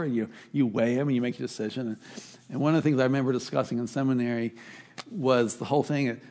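A man's voice: a little high, darkish tone. A middle-aged man preaching a sermon as pastor, conversational, with sudden rising emphatic bursts.

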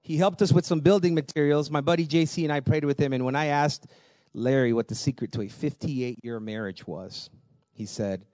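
A man preaching a sermon, telling personal stories in a lively way, laughing often and repeating words as he goes. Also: a little high, fairly quick, no echo, clean studio sound. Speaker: pastor.

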